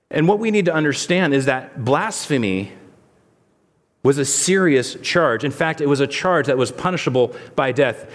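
Male pastor, mid-high voice, conversational sermon delivery, long reverb from a large sanctuary. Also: expressive, normal speed. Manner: conversational preaching with rhetorical questions.

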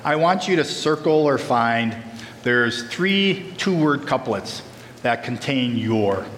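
A man's voice: mid-range voice, animated, takes it slowly, fairly bright tone, a little hiss or hum. Earnest male pastor in an echoey hall. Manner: earnest, emphatic, addresses the congregation directly. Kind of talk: sermon. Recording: echoey hall, faint ambience.

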